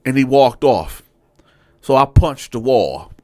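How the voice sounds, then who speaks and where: A man speaks slowly on a dry, studio-quality recording. As a storyteller and show host, he casually tells his audience a prison story, animated as he acts out quotes with rising pitch.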